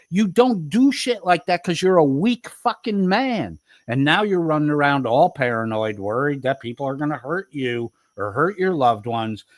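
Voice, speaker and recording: A man's voice: mid-range voice, no room sound. Profane, berating man in a heated argument. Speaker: livestream debater.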